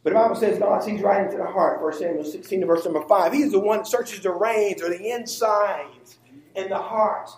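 A man's voice: sits high, a little fast, a little mellow, reverberant, low-quality recording. A man preaching a sermon to a congregation that answers back, stressing his words with emphatic inflection.

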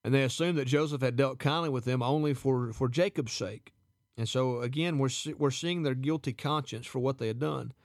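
A man teaching verse by verse from scripture, reading passages aloud and then explaining them in a measured way. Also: mid-range voice, no room sound, clean studio sound. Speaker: Bible teacher.

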